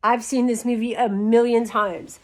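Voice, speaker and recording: A woman's voice: fairly high pitch, fairly even intonation, normal speed. A woman chatting to camera in a rambling, casual way full of "like" fillers, talking while lying down. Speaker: YouTube creator.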